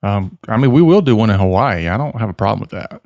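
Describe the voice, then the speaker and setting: A man's voice: fairly low pitch, expressive, fast talker, darkish tone, no echo, studio quality. A man hosting a podcast in casual chat, joking and laughing often. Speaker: podcast host.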